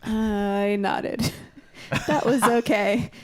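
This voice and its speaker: A woman's voice: mid-range voice, fairly even intonation, very slow, crowd noise. A woman reading a children's book aloud on a podcast, breaking off into laughing, swearing asides. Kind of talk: casual podcast reading and chat.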